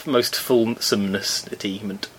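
A man's voice: lowish voice, steady tone, a little slow, fairly bright tone, breathy edge. A man co-hosting a casual chat, speaking in a wry, arch, mock-haughty way. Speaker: podcast co-host.

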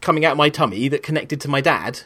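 A man's voice: a little high, expressive, fast, bright, forceful tone. A man in his thirties, a rambling and candid storyteller in casual conversation on a podcast.

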